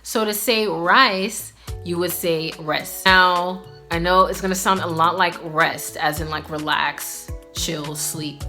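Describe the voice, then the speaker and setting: A woman's voice: lowish voice, steady tone, slow, pushed and bright, faint music behind. A young woman hosting a casual video language lesson, chatty and upbeat, with lots of filler words. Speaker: language teacher vlogger.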